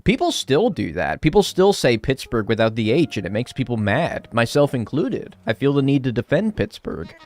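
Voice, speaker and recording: A man's voice: medium pitch, sing-song, moderate pace, few pauses, a little mellow. A young man live-streaming a game, chatting casually and sarcastically with chat and swearing now and then.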